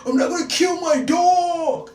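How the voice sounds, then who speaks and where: A woman mimicking her distraught adult boyfriend, wailing and shouting high in defense of his dying dog. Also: unhurried. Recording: roomy, distant mic, noisy background.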